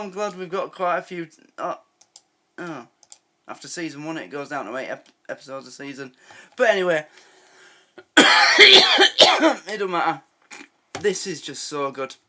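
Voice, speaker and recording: A man's voice: a little high, bright, forceful tone. A man giving casual, chatty reaction commentary on a sitcom, laughing often and restarting his sentences. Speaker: reaction video host.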